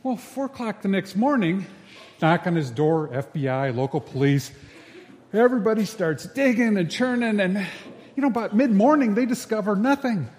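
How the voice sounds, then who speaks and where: Brief: a folksy, high-pitched male pastor giving a sermon in a reverberant church hall. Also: expressive, normal speed, darkish tone. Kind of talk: sermon with jokes.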